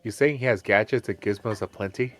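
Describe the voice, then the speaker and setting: A man's voice: fairly low pitch, brisk, faint music behind. A man playing a tabletop game, joking around with mock-dramatic complaints. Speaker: player.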